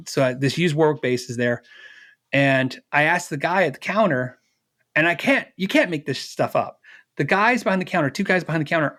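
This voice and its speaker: Middle-aged male guest, fairly high voice, animated storyteller who acts out the lines of other people. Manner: animated storyteller, acts out dialogue, laughs often. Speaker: interview guest. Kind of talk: storytelling in casual interview.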